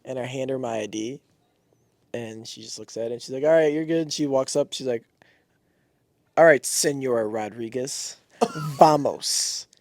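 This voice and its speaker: A young man co-hosting a podcast, telling animated stories full of slang and swearing. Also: medium pitch, a little fast, dry recording. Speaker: podcast co-host. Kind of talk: casual chat.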